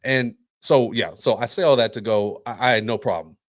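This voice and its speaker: Male podcast co-host, animated storyteller, mid pitch, dry close sound. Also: a little fast, dry recording. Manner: animated storyteller, acts out quotes, says "right?" often. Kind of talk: casual conversation.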